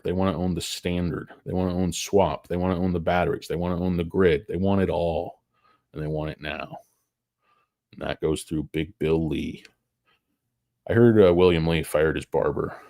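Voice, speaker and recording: A man's voice: sits low, fairly even intonation, moderate pace, creaky, a little mellow, no room sound, studio quality. A tired man hosting a stock market show, rambling through casual, profane, joking commentary that wanders off topic.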